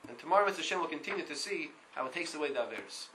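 A man giving a Torah class, reading Hebrew lines aloud and translating them, in an animated way that repeats words. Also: a little high, racing, very noisy. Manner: reads Hebrew text and translates line by line. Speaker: Torah teacher.

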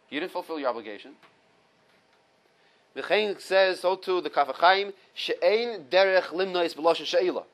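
A man's voice: on the high side, a bit bright, rough recording. A man teaching an informal halacha class, reading Hebrew sources and explaining them in English step by step. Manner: explains step by step, repeats key points, mixes Hebrew quotes with English. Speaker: Torah teacher.

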